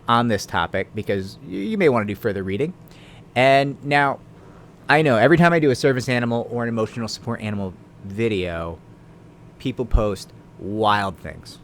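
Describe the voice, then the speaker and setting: Low-voiced lawyer man, dry and sarcastic. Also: a little hiss or hum. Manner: conversational, tag questions, dry sarcastic asides. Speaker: lawyer explaining the law. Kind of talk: casual explanatory video talk.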